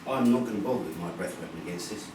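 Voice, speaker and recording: A man's voice: sits low, rapid-fire, a little mellow. A man playing in a tabletop game, joking around, laughing often, and restarting his words. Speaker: player. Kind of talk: casual table chat. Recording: echoey room, far from the mic, noisy.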